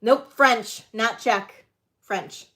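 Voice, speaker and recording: A woman hosting a livestreamed vintage jewelry auction, chatting to viewers and gushing excitedly over the pieces. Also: a little high, extremely slow, husky. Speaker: host of a live jewelry sale. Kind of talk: live auction chat.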